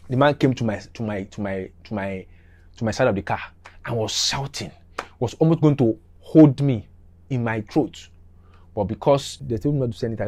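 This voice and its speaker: A middle-aged man telling a story casually, animated and repetitive, acting out the scenes. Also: mid-range voice.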